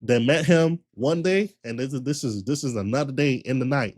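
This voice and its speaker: A man streamer telling a long story in a casual, slangy rant, full of repetition and animated retellings. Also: mid-range voice, normal speed.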